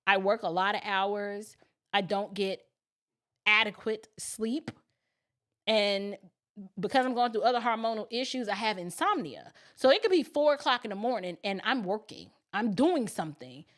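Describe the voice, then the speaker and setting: A woman's voice: mid-range voice, animated, normal speed, a bit bright. A middle-aged woman who grew up in New York City, hosting a casual livestream and chatting in a folksy way straight to her viewers. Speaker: livestream host.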